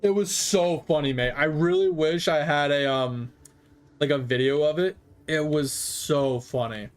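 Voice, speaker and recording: Brief: casual male streamer, slightly high voice, rambling and swearing easily. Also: measured pace. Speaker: game streamer. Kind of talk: casual storytelling while gaming.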